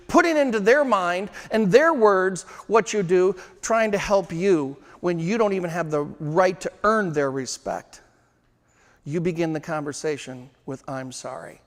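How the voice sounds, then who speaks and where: A man giving a sales training seminar to a live room, emphatic and slowing down to drive home his points. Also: high-pitched, a bit bright. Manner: emphatic, slows down to stress points. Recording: long hall reverb.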